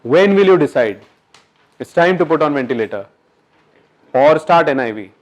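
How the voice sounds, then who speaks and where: A man giving an interactive medical lecture at a workshop, quizzing the audience in a coaxing, brisk way. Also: fairly high pitch, lively intonation.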